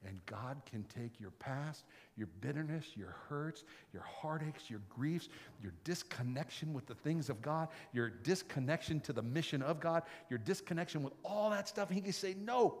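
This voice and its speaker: A man preaching a sermon, telling the story with dramatic swings from loud and excited to quiet and whispered. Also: medium pitch, big-room sound.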